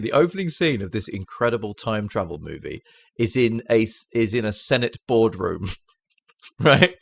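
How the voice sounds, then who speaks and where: A man's voice: on the low side, fairly bright tone, dry recording, studio quality. A man co-hosting a casual film podcast, chatty and retelling scenes with quoted lines. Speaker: podcast co-host. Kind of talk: casual film-review chat.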